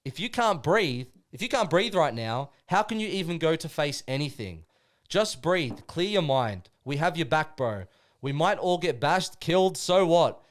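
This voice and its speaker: A man's voice: a little high, very animated, normal speed, pitched above the performer's own voice. A man with an Australian accent voicing a pack of wild, laughing male spirit brothers who taunt and cheer him on. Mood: taunting laughter. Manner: loud, cackling, taunting encouragement.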